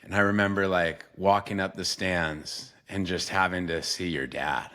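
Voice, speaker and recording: A man's voice: low voice, steady tone, moderate pace, pushed and bright. A young man hosting a sports podcast, talking earnestly with casual swearing and lots of "bro" and "like". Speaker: podcast host and former quarterback coach. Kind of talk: emotional interview conversation.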